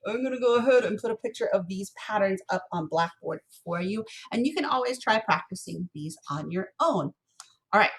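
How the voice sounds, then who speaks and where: A young adult woman leads a children's music lesson from her home office. She speaks into a computer mic, playful and encouraging. She chants rhythm syllables clearly in a teacherly cadence. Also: mid-range voice.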